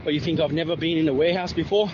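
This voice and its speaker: A man's voice: on the high side, fairly even intonation, rapid-fire. A man vlogging about his warehouse job, venting bluntly and swearing as he grumbles about his day. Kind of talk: casual venting monologue. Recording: dull lo-fi sound with vehicle noise.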